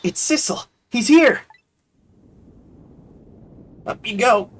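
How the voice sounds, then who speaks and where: A man's voice: very high voice, lively intonation, slow, voice pushed up, exaggerated voice. A man voicing an earnest, caring young woman in a game read-through, speaking in a reassuring way.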